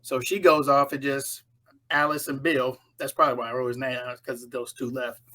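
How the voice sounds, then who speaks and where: A woman casually recapping a horror film in an animated way, acting out the characters' lines as she goes. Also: rumbling low, moderate pace.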